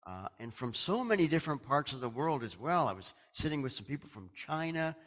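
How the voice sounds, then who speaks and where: Lively, chatty middle-aged pastor. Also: male voice, mid-range voice, fairly quick. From Canada. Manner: chatty, folksy, with chuckles and restarts. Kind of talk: casual sermon announcements and storytelling.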